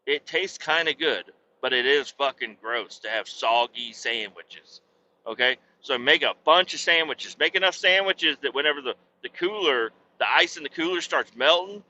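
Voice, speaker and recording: Sharp-voiced, profane rambling man. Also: medium pitch, dull audio, slight background noise. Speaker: podcast host. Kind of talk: rambling comedic storytelling.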